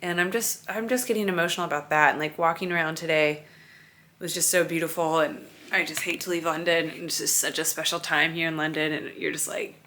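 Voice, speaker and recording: A mother in her thirties vlogs confessionally from her apartment during a move, weary, overwhelmed and rambling emotionally. Her low voice is sharp in tone, fairly quick, with fairly even intonation.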